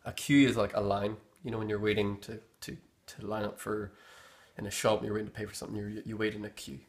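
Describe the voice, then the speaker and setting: A man's voice: fairly low pitch, flat delivery, quick pace. A young man with a Northern Irish accent, explaining local slang in a rambling, easygoing way as he searches for words. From Northern Ireland. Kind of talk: casual explanation.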